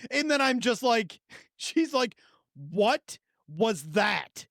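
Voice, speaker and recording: A man in his thirties with a high, gravelly voice tells a story with lots of profanity, acting out his own reactions. It is a casual podcast chat recorded close and dry. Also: sing-song, slow, fairly bright tone, no echo. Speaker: podcast co-host.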